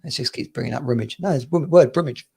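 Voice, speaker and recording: A man's voice: mid-range voice, quick pace, vocal fry, dark tone, slightly rough. A man from the UK in his thirties, hosting a casual podcast chat and rambling through stories between laughs. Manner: rambling, chatty storyteller who laughs often. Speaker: podcast host.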